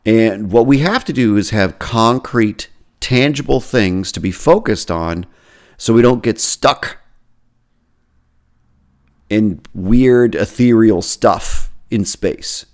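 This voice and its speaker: A podcast host who is also a therapy professor casually reads social media posts aloud and comments on them. His voice is fairly low and a little mellow, and he's chatty and self-deprecating, with lots of restarts.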